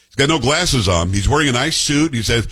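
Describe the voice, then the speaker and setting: A man's voice: mid-range voice, expressive, fairly quick, a bit bright, slightly rough. A middle-aged man with a New York Italian-American accent, giving blunt, sarcastic political commentary as host. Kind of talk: opinionated commentary.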